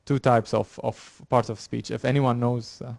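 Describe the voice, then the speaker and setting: A male university lecturer explains concepts to a class, stumbling through fillers and repeated words as he goes. His voice sits at a middle pitch and is recorded dry, with almost no room echo. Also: flat delivery, vocal fry, darkish tone. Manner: halting, many fillers and restarts.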